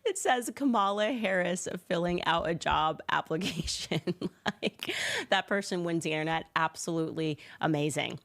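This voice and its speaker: A woman's voice: fairly low pitch, moderate pace, a bit bright. A woman hosting a political commentary show, delivering sarcastic, scornful opinions.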